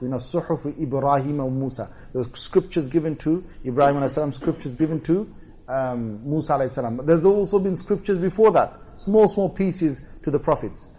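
A man preaching a sermon, telling prophet stories with emphatic, animated delivery and rhetorical questions to his audience. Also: fairly high pitch, slightly rough. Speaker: Islamic preacher. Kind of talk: sermon storytelling.

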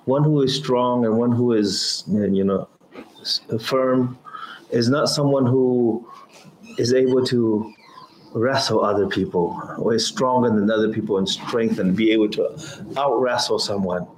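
A man giving a religious lesson on hadith, reciting Arabic quickly and explaining in slower, halting English. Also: mid-range voice. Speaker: Islamic teacher. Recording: roomy echo with faint ambience.

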